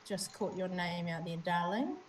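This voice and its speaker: A woman's voice: fairly low pitch, moderate pace, distant mic, noisy background. A woman with a New Zealand accent co-hosting a live stream, chatting casually and greeting viewers by name. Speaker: livestream co-host. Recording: roomy, from off-mic, faint ambience.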